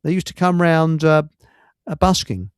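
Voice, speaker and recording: A man's voice: a little high, expressive, normal speed, clear, resonant tone, no room sound, clean studio sound. A man hosting a casual chat show, telling stories in a chatty way and now and then slipping into silly put-on voices. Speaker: show host.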